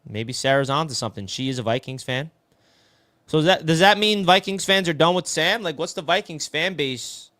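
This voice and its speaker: A man's voice: a little high, animated, moderate pace, sharp tone, dry recording. Casting: New man, live sports stream host, casual and chatty, close dry mic. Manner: chatty, answers viewer comments, says "bro" a lot. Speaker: sports talk show host reading live chat.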